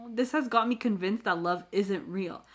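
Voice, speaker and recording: A woman's voice: medium pitch, normal speed. Podcast co-host, woman, reads aloud casually, trips over words and laughs them off. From Canada. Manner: reads aloud with slips and laughs at her own mispronunciations. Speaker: podcast co-host reading stories.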